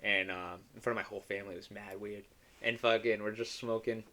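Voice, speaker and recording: A young man co-hosting a podcast, telling loose, crude stories full of swearing and quick laughs. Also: on the low side, fairly even intonation, pushed and bright. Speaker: podcast co-host. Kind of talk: casual chat.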